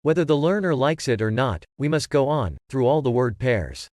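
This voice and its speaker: A man reading the lines of a calm male lab experimenter in a patient, matter-of-fact way. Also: medium pitch, normal speed, no echo, lightly acted. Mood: level, insistent.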